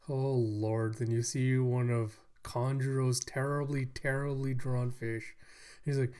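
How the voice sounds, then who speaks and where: A man casually reviewing a comic chapter, retelling it with animated energy and acting scenes out. His voice sits in the middle of the male range. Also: medium pitch, measured pace, clean tone. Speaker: manga reviewer.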